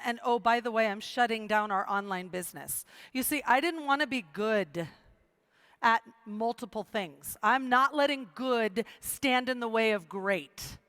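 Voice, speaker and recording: A middle-aged woman with a high voice gives an emphatic motivational speech to a live audience. She repeats key phrases for effect and acts out quoted dialogue as she tells her story. The sound is dry and close, with little room echo. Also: fairly bright tone. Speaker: motivational speaker.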